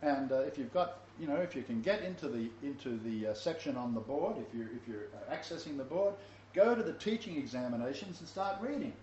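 In a roomy, dull lo-fi recording with slight background noise, a man with a mid-range, darkish voice speaks expressively and a little fast. He's a Bible teacher giving an informal sermon, reading scripture aloud, commenting on it, and chuckling at his own asides.

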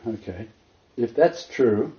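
Slow and expressive, a man with a mid-range voice reads scripture in his sermon, emphatically repeating the key points. Sound quality is dull and lo-fi, with a roomy feel.

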